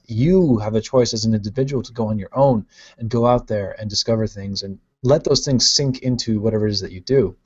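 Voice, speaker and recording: A man's voice: mid-range voice, moderate pace, a little mellow, slightly rough. Casual man reading live chat. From Ohio. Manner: rambling, playful, reads out viewer comments. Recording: dull lo-fi stream audio.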